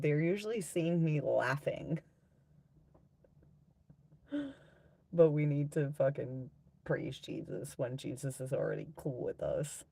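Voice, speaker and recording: NZ woman in her 30s hosting a live stream, low gravelly voice, slow and mellow, crude giggly banter. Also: no room sound. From New Zealand. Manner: crude, giggly, teasing banter with frequent laughter. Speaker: livestream host. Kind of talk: casual live chat with viewers.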